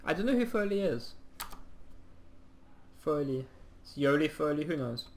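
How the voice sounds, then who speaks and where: A man with a gravelly voice gives casual, rambling play-by-play commentary on a strategy game. He talks in a chatty, easygoing way, full of ums and uhs, and now and then pokes fun at himself. A faint hiss sits under the voice. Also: fairly high pitch, sing-song, unhurried. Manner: self-mocking humor. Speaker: game caster.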